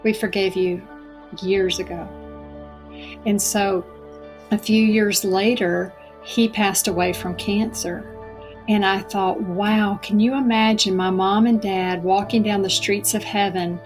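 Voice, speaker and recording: A middle-aged woman giving an earnest, reflective personal testimony as a podcast guest, slowing down for emphasis. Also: mid-range voice, steady tone, faint music behind.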